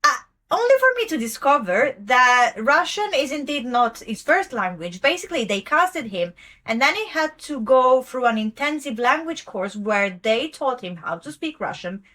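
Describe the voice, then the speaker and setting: A woman's voice: fairly high pitch, very animated, moderate pace, pushed and bright. A woman hosting a podcast whose first language is not English, giving a rambling, emphatic casual commentary full of fillers and self-corrections. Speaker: podcast host.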